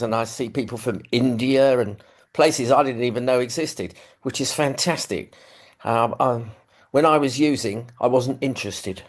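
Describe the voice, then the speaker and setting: London man sharing his story on a video call. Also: medium pitch. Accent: London English. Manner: self-deprecating, rambling with fillers. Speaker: recovery meeting speaker. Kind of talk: personal testimony, casual. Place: living room at home.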